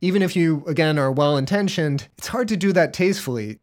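Host guy asking careful questions, voice a little high. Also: fairly quick. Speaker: podcast host. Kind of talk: interview questions.

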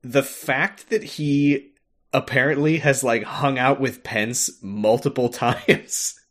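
A young man co-hosting a podcast, casually recapping a game's story with animated retelling and frequent laughter. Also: medium pitch, slow. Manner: animated storytelling, laughs often, acts out lines. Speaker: podcast co-host. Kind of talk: casual chat recapping a game.

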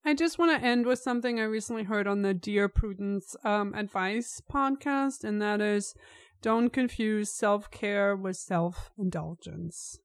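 A woman's voice: medium pitch, measured pace, no room sound, clean studio sound. A woman co-hosting a podcast, chatting casually and giving blunt opinions. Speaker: podcast co-host. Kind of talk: casual chat.

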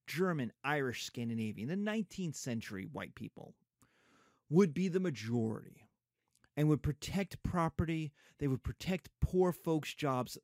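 A middle-aged man lecturing on history in an animated way, slipping into mocking asides. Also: medium pitch, vocal fry, no echo, studio quality.

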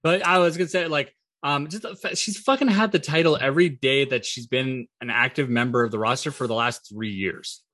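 A man's voice: medium pitch, fairly quick, few pauses, a bit bright, no room sound. A man co-hosting a casual wrestling chat, swearing freely and restarting his sentences. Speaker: podcast co-host.

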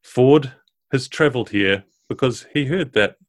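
A man, narrating a tabletop game podcast as dungeon master in a measured storytelling way. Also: medium pitch.

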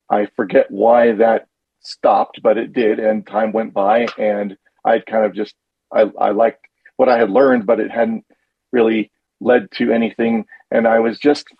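Man on a panel, relaxed rambling storyteller, gravelly husky voice, muffled audio. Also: mid-range voice, no room sound. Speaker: panel guest, description narrator. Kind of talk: conversational storytelling.

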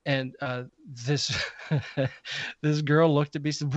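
A man's voice: a little high, steady tone, slow, long pauses, dry recording. A man in his fifties, a podcast co-host, telling stories in a blunt, profane way. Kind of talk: casual chat, storytelling. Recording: slightly muffled podcast audio.

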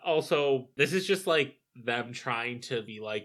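A man's voice: medium pitch, lively intonation, a little slow, few pauses, a bit bright. A young man co-hosting a casual film chat, recapping scenes in a dry, matter-of-fact way. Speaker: podcast co-host.

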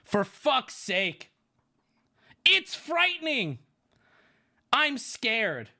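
Shrill, panicky young teen girl fan, put on by a man, mocking falsetto, bright and lively. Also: extremely slow, gravelly, full character voice.

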